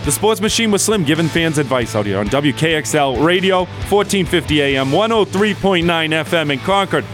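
A man's voice: a little high, animated, a little fast, faint music behind. A man hosting a sports talk radio show, delivering a blunt, opinionated monologue and chuckling as he goes. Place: radio studio.

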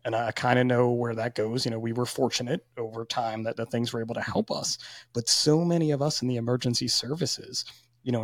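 Man, 40s, podcast host; gravelly, husky, dry, casual and candid. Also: mid-range voice, no echo. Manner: chatty, candid, repeats words. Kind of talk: casual interview chat.

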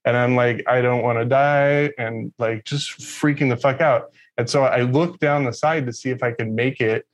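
A man's voice: mid-range voice, fairly even intonation, normal speed. A man from Texas telling a story in casual conversation, rambling and profane, with lots of fillers.

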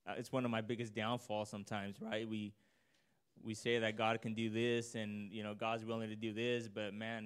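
A man's voice: fairly low pitch, smooth. A man giving an informal, earnest sermon, reading scripture aloud and talking through it conversationally, his voice rising on points of emphasis. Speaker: preacher.

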